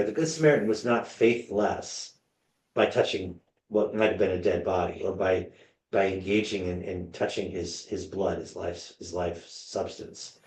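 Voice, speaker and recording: Low-voiced man teaching a Bible lesson. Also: darkish tone, reverberant, rough recording. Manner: conversational, storytelling, asks the group questions. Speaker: church teacher. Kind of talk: Lenten Bible study lesson. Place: church meeting room.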